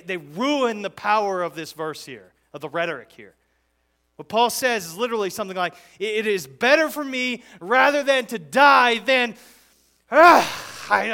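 Bright-voiced, high-pitched male preacher. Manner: conversational preaching, emphatic and animated, with frequent restarts. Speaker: pastor. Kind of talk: expository sermon.

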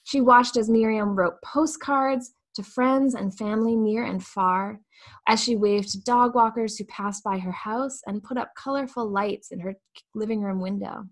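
A woman leads a worship service, first telling a story and then guiding the congregation through a slow meditation. Her delivery is soft and unhurried, with a calm, measured rhythm. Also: medium pitch. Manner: gentle, slow guiding cadence. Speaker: worship leader. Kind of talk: storytelling sermon and guided meditation.

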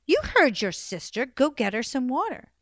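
A woman's voice: a little high, very animated, a little fast, no echo, clean studio sound. A woman voicing a stern mother who gives firm orders in a raised voice.

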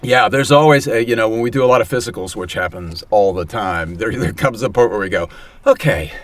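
A man's voice: on the low side, fairly quick. A man hosting a studio podcast in a casual, hesitant way, with chuckles. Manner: hesitant, many fillers and restarts, chuckles. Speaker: podcast host. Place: recording studio.

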